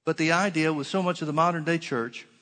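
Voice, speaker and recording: Male preacher, earnest sermon delivery, a touch high-pitched, drawn-out scripture quotes. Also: steady tone, bright, forceful tone. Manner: slows and stretches scripture quotes for emphasis; earnest, repeats key phrases.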